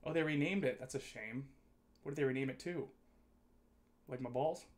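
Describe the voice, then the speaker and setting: A man streaming a video game, chatting casually and excitedly with viewers, with lots of swearing and jokes. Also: mid-range voice, moderate pace. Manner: excitable, swears a lot, jokey. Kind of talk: casual gaming livestream chat.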